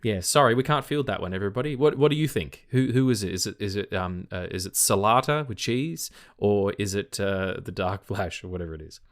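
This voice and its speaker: A man's voice: lowish voice, fairly quick, hardly any pauses. A tired man with an Australian accent, co-hosting a casual film podcast, rambling and swearing offhandedly. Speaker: podcast co-host.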